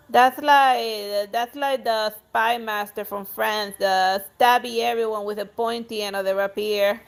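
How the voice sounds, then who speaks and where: A woman streamer tosses out offhand, joking asides as she plays. Her voice sits slightly high, and faint music runs underneath. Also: steady tone, a little slow, creaky, few pauses, poor audio. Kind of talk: casual gaming commentary.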